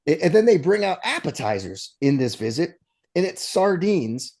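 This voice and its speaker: Chatty man with a mellow voice. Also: a little high, moderate pace. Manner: animated storytelling with frequent laughs and restarts. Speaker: podcast co-host. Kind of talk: casual movie discussion.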